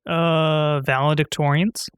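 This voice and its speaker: A man's voice: fairly high pitch, level tone, slow pace, a little hiss or hum. A young man co-hosting a podcast in casual chat, teasing his friend and laughing often. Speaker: podcast co-host.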